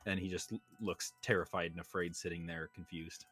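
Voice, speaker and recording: Male game master, very deep voice, hesitant narration, light music bed. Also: fairly even intonation, fairly quick, a bit bright, husky. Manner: hesitant, with frequent ums.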